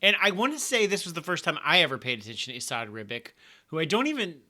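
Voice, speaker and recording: A man's voice: fairly high pitch, big pitch swings, fast, pushed and bright. A man co-hosting a podcast, chatting casually and hedging often. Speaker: podcast co-host. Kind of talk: casual chat.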